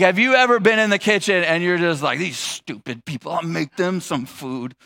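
A male pastor preaches in a chatty, humorous way, acting out little scenes as he goes. His voice sits high and sounds bright and forceful. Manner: conversational and humorous, acts out scenes. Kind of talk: sermon.

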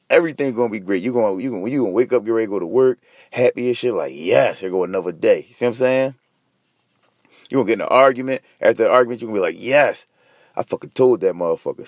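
A man's voice: lowish voice, a little mellow, no echo, clean studio sound. A man hosting a podcast alone, talking casually and ranting with lots of profanity. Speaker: podcast host. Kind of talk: casual solo podcast monologue.

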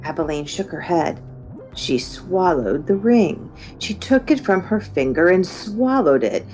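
A woman reading a children's book aloud with expressive storytelling. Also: on the low side, unhurried, faint music behind, low-quality recording. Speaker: reader.

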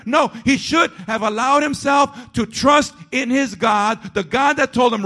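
A male pastor preaching a sermon, calling out to the congregation and repeating phrases for rhythm, swinging between loud and hushed. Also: very high voice, moderate pace, hardly any pauses. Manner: calls out to the congregation.

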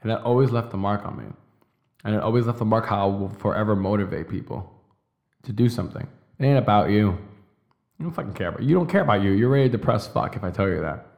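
A young man with a fairly low voice delivers a fired-up motivational monologue. He swears freely and slows right down to hammer home each declaration. He speaks in the intense, emphatic manner of a podcast host. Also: vocal fry, dull audio. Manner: intense, emphatic, profane, with slow stressed declarations.

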